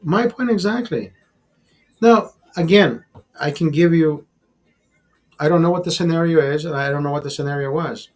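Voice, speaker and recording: A man's voice: a little high, normal speed, long pauses, darkish tone. A man hosting a casual livestream, ranting in a heated, preachy way and swearing often. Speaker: livestream host. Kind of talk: casual talk to a live chat.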